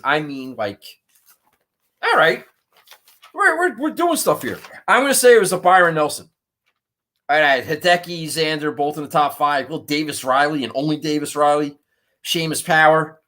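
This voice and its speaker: A man's voice: on the high side, lively intonation, moderate pace, pushed and bright. A man hosting a golf betting show, talking in a rambling, profane, frustrated way. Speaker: golf betting podcast host. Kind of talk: casual chat.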